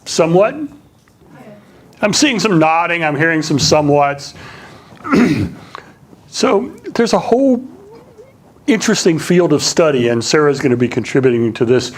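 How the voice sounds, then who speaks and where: A middle-aged man giving a relaxed public lecture, full of ums and questions for the audience. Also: a little high, moderate pace, pauses often. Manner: relaxed, many fillers, asks the audience questions.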